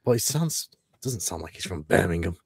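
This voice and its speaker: A man's voice: low voice, expressive, normal speed, a little mellow, slightly rough, no echo, studio quality. A man from the East Midlands, co-hosting a casual chat in a rambling, laid-back way. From England, East Midlands. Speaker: co-host.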